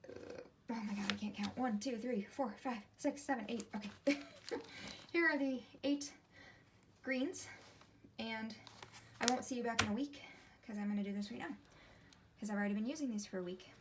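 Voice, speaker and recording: A woman's voice: on the high side, fast, background noise. A woman in her thirties vlogging casually from her desk at home, chatty and meandering, often breaking off mid-thought. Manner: chatty, meandering, self-interrupting. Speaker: ink collection vlogger. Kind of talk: casual rambling vlog while swatching.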